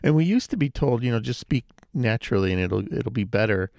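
A man co-hosting a casual podcast chat, explaining things in a measured way. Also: mid-range voice, expressive, vocal fry, a little mellow, no room sound, clean studio sound. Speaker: podcast co-host.

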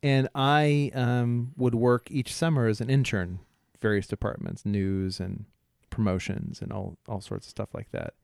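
A man's voice: fairly low pitch, steady tone, unhurried, gravelly, few pauses, darkish tone, no room sound, studio quality. A middle-aged man from Ohio co-hosting a podcast, telling a story in casual chat full of fillers, restarts and laughter. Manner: rambling, lots of fillers and laughs. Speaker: podcast co-host.

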